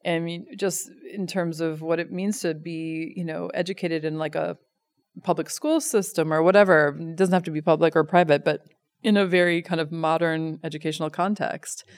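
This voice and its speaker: A woman with a slightly low voice speaks as an interview guest. She tells stories with animation and pads her thoughts with frequent fillers. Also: fairly even intonation, moderate pace. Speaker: guest, somatic educator. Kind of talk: conversational interview.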